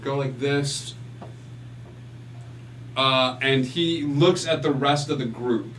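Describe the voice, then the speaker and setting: A man's voice: medium pitch, a bit bright, echoey room, distant mic, a little hiss or hum. A man acting as game master, narrating a tabletop game with lots of fillers and restarts. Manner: halting, full of fillers.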